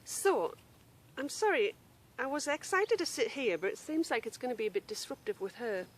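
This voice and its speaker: A woman's voice: a little high, very animated, normal speed. A woman hosting a knitting podcast from outdoors in a grassy yard, chatting casually and apologising for interruptions. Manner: chatty and apologetic, breaking off to call a wandering dog.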